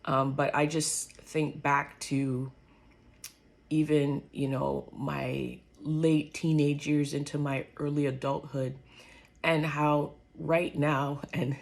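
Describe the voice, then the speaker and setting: Woman, low register with vocal fry; earnest, halting faith testimony. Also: little pitch movement. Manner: earnest, halting, many fillers. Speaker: speaker sharing a faith testimony. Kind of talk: reflective personal monologue.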